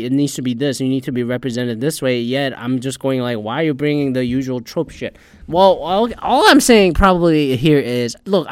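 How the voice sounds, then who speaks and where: A man's voice: mid-range voice, smooth, no room sound, studio quality. A man ranting in casual, rambling commentary, sarcastic and swearing constantly as a podcast host. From Asian heritage.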